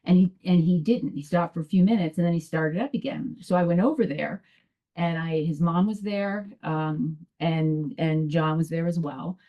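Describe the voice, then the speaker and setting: A woman speaking at a town meeting, giving public testimony in a low, mellow voice. She rambles and restarts her sentences often. The sound is dull and lo-fi, like a public access broadcast. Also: fairly even intonation, normal speed. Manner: hesitant, rambling retelling full of restarts. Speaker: resident addressing a town commission.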